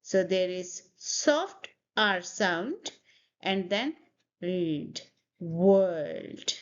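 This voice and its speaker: Female teacher, slow, drills pronunciation word by word; muffled lo-fi recording. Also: on the low side, animated, a bit bright. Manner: slow, repeats words for students to copy. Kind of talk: pronunciation lesson. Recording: dull lo-fi audio.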